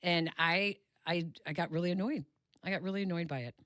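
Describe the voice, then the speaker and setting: A woman's voice: fairly low pitch, brisk, a bit bright, no room sound. Chatty, dry-sounding radio host woman. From Chicago area. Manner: chatty, laughs easily, loses her train of thought. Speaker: radio sports show host. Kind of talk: casual sports radio chat. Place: radio studio. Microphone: studio microphone.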